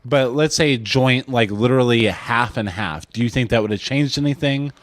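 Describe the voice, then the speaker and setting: A man's voice: mid-range voice, normal speed, no room sound. Joking man, dry close recording. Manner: joking, laughing questioner. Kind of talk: casual podcast chat.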